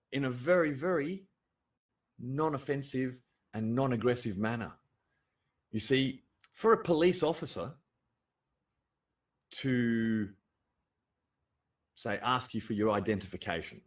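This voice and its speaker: An Australian man hosting a casual livestream chat, blunt and animated, swearing freely and laughing often. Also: mid-range voice, recorded from a distance. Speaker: livestream host.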